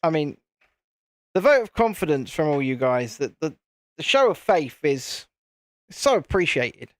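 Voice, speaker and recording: A man's voice: on the high side, sing-song, measured pace, no echo. Chatty British man hosting a live stream. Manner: chatty, self-deprecating, easily flustered. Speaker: channel host. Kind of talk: casual live-stream chat.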